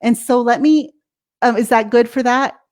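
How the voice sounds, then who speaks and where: A woman's voice: on the high side, moderate pace. An American woman, a life coach as guest, explaining things casually, laughing often and acting out her own reactions. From United States.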